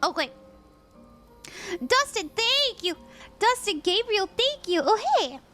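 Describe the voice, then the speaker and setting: A young woman reading tarot on a live stream, gentle and reassuring, laughing easily. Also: extremely high pitch, sing-song, takes it slowly, soft background music. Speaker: tarot reader.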